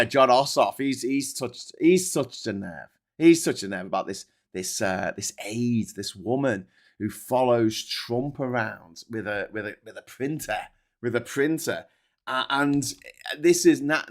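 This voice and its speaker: Sweary ranting British man. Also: medium pitch. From Britain. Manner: sweary, animated, stumbling restarts. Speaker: host reading viewer comments. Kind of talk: live commentary rant.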